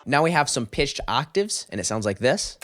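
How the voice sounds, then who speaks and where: A man's voice: medium pitch, big pitch swings, moderate pace, a bit bright, slight background noise. A man teaching a music production tutorial, explaining his settings step by step in an upbeat, explanatory way on a close studio mic. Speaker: mixing engineer teaching a tutorial.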